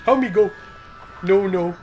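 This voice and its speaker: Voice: mid-range voice, measured pace, muffled recording, faint music behind. A player in casual gameplay commentary, goofy and playful. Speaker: let's play player.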